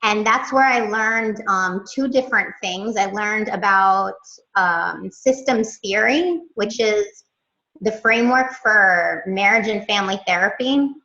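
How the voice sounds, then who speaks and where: A woman's voice: mid-range voice, measured pace, sharp tone, reverberant, dull audio. An American woman introducing herself on a video call, hesitant, with many fillers. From United States. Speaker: course participant.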